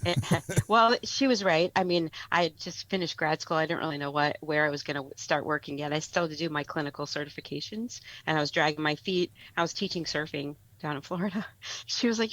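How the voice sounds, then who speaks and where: A woman's voice: low voice, brisk, a bit bright, no room sound, rough recording. A woman in her forties with a Boston accent, a podcast guest chatting casually with wry, self-deprecating humor. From Boston, USA. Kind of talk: casual chat.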